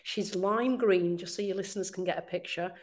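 A woman being interviewed on a podcast, chatty and enthusiastic and quick to laugh. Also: fairly low pitch. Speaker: interview guest. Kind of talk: casual conversational interview.

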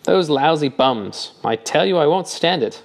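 A man's voice: fairly high pitch, animated, measured pace, vocal fry, voice pushed up, full character voice. A man reading an audiobook, voicing a blustering, hot-tempered rich older man who roars indignantly. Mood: furious. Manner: roaring, indignant outbursts.

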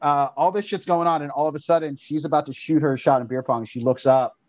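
A man's voice: a little high, steady tone, fast talker, darkish tone, no room sound, lo-fi sound. A man who is a guest on a podcast, telling a story in a rambling, casual way with lots of fillers. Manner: rambling, heavy use of "like". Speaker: podcast guest, old roommate.

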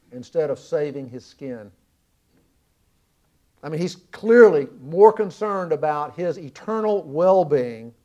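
A high-pitched man from the American South delivers a sermon. He retells the story earnestly, leaning in and swelling to loud emphasis on key lines. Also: highs cut off. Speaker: preacher.

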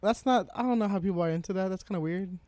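A man's voice: high-pitched, fast talker, darkish tone, no room sound. A man co-hosting a podcast in casual chat, slangy and joking. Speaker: podcast co-host.

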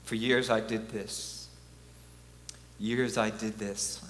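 Speaking slowly and flatly in a lowish, fairly bright voice, this conference speaker delivers an earnest preaching talk in a conversational style, with some chuckles. It was recorded in a large, echoey hall with a faint hum in the background.

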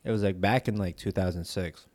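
Low-voiced man rambling with slang. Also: fairly even intonation, a little fast, a little mellow. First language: not English. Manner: loose, rambling, laughs often, heavy filler and slang. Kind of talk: casual chat while eating.

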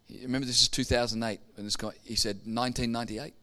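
A man's voice: mid-range voice, fairly even intonation, fast talker, bright, forceful tone. A man preaching a sermon, telling stories and building up to emphatic points. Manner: storytelling, building to emphatic peaks. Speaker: pastor.

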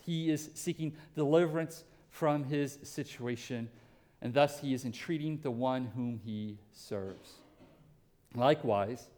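A male pastor delivers a sermon in a slightly higher voice, earnest and emphatic. He presses his listeners with rhetorical questions. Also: darkish tone.

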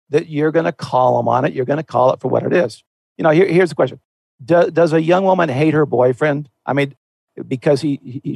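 A man's voice: fairly high pitch, vocal fry, darkish tone, no echo, poor audio. A man speaking earnestly and conversationally on a Christian talk show, often repeating a word as he restarts.

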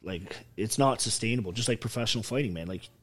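A man telling stories in a casual chat, animated and heavy on swearing. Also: on the low side, fast, breathy edge. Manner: profane, animated storytelling. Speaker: podcast guest.

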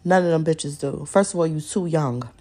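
A woman's voice: sits low, normal speed, warm tone. A young adult woman hosting a solo podcast, ranting in a profane, confrontational way and repeating lines for emphasis. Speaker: podcast host.

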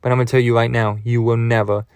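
A man's voice: medium pitch, little pitch movement, fast talker, a little mellow, smooth, dry recording, natural voice. A man voicing the puppet monster Grover as a crude, threatening ranter. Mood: menacing rant. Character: blue male puppet monster, menacing then silly.

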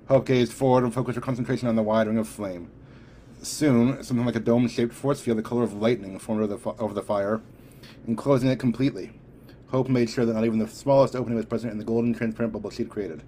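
A man narrating a superhero story as an audiobook reader, steady and measured, with occasional slips. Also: mid-range voice, a little hiss or hum.

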